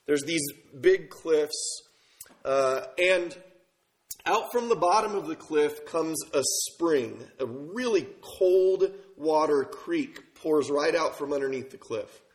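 A man's voice: a little high, expressive, slow pace. A man from Minnesota preaching a sermon as pastor, telling stories conversationally and asking the congregation rhetorical questions. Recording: echoey room.

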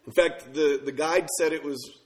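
A man's voice: fairly high pitch, steady tone, normal speed, a little mellow. A man from Minnesota preaching a sermon as pastor, telling stories conversationally and asking the congregation rhetorical questions. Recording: echoey room.

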